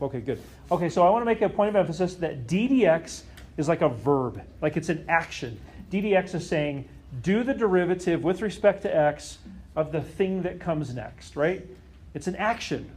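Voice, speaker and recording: A man's voice: on the high side, animated, normal speed, darkish tone. A man teaching a calculus lesson to a class, often stopping to question the students and check that they follow. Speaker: math teacher.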